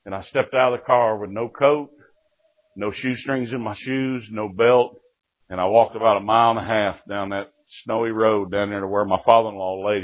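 A man preaching a testimony sermon, telling his story in a folksy way with sudden jumps in loudness. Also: fairly low pitch. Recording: dull lo-fi recording.

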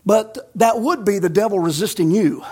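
A male pastor preaching a fiery sermon, emphatic and scolding, rising to shouts. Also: high-pitched, moderate pace, breathy edge.

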